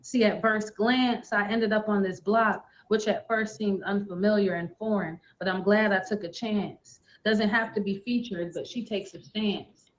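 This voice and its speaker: A woman recites spoken word poetry with a steady, rhythmic rhyming flow. Her voice sits at an ordinary pitch. The livestream audio comes through dull and lo-fi. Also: measured pace, few pauses. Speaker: poet performing on a livestream.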